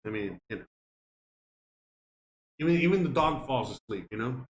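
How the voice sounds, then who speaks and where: A man's voice: medium pitch, lively intonation, moderate pace, slight background noise. A Cuban-born man hosting his cooking live stream, chatting casually with viewers in a rambling, profane way. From Cuba. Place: home kitchen. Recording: echoey room with faint music.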